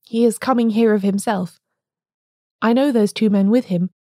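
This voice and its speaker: A woman reading as a small, plain priest who speaks in a quiet, dull, colourless voice. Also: mid-range voice, normal speed, no echo, clean studio sound, close to an everyday voice.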